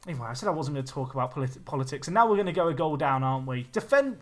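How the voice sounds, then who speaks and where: A young man chatting with his viewers while he plays, excitable and casual. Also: mid-range voice, very fast. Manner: chatty, excitable, talks to chat. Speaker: streamer. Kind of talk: live game commentary and chat. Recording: faint music behind.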